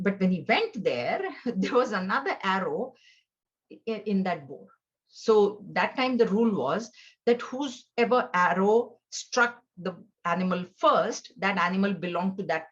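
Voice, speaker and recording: Lively woman teaching scripture. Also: on the low side. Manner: conversational, with fillers and restarts. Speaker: spiritual teacher. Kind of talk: scripture class storytelling. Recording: dull lo-fi recording.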